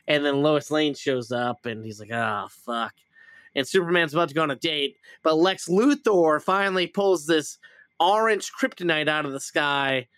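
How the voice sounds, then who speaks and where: Rambling man with a bright, clean voice. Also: on the high side, clean tone, dry recording, studio quality. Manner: rambling, profane, acts out lines with silly voices. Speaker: podcast host reviewing a movie. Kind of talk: casual chat.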